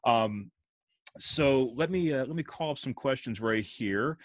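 A man hosting a casual interview over a video call, relaxed and friendly, using jazz slang. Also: medium pitch, measured pace, dry recording. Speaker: host, band director.

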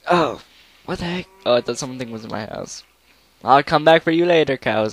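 A man's voice: medium pitch, expressive, a little fast, gravelly, a little hiss or hum. A young man casually talking through his game, rambling and now and then breaking into bits of songs. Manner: rambling, breaks into song snippets. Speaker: let's player. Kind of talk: casual gameplay commentary.

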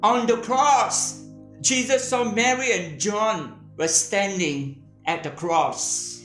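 A woman preaching a sermon in short, measured phrases, pausing for an interpreter. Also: mid-range voice, fairly bright tone, reverberant, soft background music.

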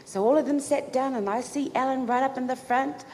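A woman giving a eulogy at a funeral service, telling a personal story in an excited, giggly way. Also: high voice, a little fast. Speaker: eulogy speaker. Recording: reverberant hall, faint background noise.

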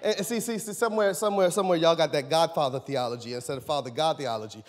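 A man pastor preaching a sermon in a church, animated and conversational, questioning his congregation. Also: fairly high pitch, racing. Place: church sanctuary. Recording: long church hall reverb.

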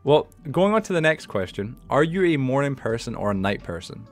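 A man of twenty-one with a light Scottish accent, hosting a casual podcast chat in a lively, talkative way. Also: mid-range voice, faint music behind. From Scotland. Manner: quick, animated, says "you know what I'm saying". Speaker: podcast host.

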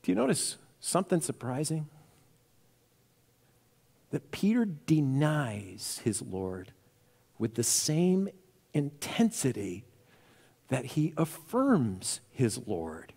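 A male pastor preaching a sermon in a church, telling the story with animated energy and acting out the quotes. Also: mid-range voice, takes it slowly, gravelly, pauses often, breathy edge. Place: church sanctuary. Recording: reverberant church hall.

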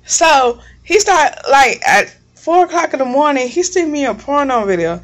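A woman's voice: high-pitched, expressive, moderate pace. A young woman vlogger telling a long story in a casual, blunt and profane way, rambling as she goes. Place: home kitchen.

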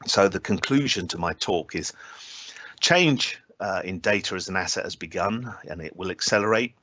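A man's voice: deep voice, expressive, moderate pace, pushed and bright, no echo. A man giving an academic talk at an online scientific symposium, hesitant with frequent filler sounds, with touches of dry humour. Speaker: invited speaker at a scientific symposium.

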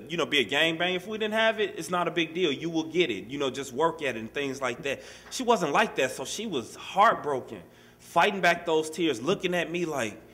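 A man telling a personal story to an audience in a casual, street-style way, full of "you know" and "man", acting out the voices in it. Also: on the high side. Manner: animated, acts out quoted voices. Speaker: speaker sharing his life story at a workshop.

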